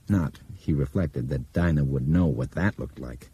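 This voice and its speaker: Low, dark, husky male audiobook narrator. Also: unhurried, hardly any pauses, dry recording. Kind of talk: scripted narration.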